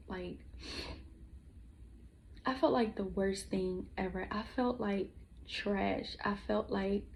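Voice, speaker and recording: Hushed, gravelly-voiced young woman. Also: medium pitch, a little hiss or hum, rough recording. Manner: halting, with frequent restarts and pauses; soft and hushed, dropping at times to a whisper. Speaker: vlogger. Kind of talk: personal storytime vlog.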